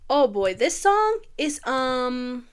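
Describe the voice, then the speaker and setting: A woman giving a casual, chatty film commentary, gushing and swinging between excitement and wistfulness. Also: sits high, slow pace, clear, resonant tone. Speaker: YouTuber reviewing a film musical.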